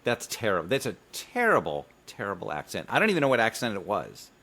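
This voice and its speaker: A man's voice: on the low side, wildly swooping pitch, fast talker, pushed and bright. A man co-hosting a podcast, chatting casually in a dry, teasing way. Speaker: podcast co-host.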